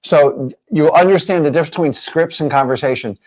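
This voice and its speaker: A man's voice: fairly high pitch, brisk, darkish tone. Emphatic man coaching a class. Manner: emphatic, asks rhetorical questions. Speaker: real estate coach. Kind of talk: teaching a training session.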